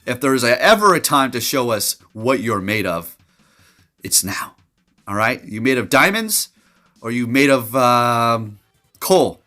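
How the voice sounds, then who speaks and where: Excitable man commentating a game, music underneath. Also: mid-range voice, measured pace. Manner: animated, jokey, excitable, trash-talking. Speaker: gaming commentator. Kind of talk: casual gameplay commentary.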